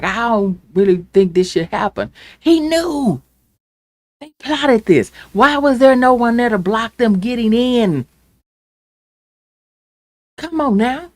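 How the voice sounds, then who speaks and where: On her own show, a woman with a slightly high voice delivers an angry, impassioned political rant, swinging from loud outbursts to hushed pleading. There's no echo in the recording.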